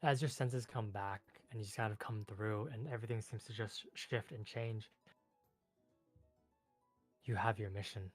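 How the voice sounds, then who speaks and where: A man's voice: fairly low pitch, steady tone, moderate pace, long pauses, soft background music. Chatty man narrating as game master. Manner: loose and chatty, with fillers.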